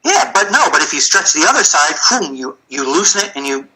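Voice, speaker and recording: A middle-aged man, a physical therapy clinic owner, telling stories in a casual, animated way. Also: a little high, brisk, rough recording. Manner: animated, storytelling with acted-out quotes. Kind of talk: casual storytelling chat.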